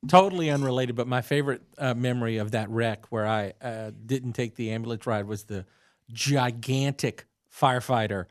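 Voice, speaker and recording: A man co-hosting a casual podcast, telling stories in an animated way. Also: medium pitch, moderate pace, no room sound, clean studio sound. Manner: storytelling, animated. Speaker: podcast co-host.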